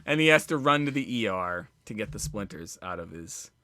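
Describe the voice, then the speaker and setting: Rambling man with a bright voice. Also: fairly low pitch, animated. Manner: rambling storyteller, halting restarts. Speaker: podcast co-host. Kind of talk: casual comedy chat.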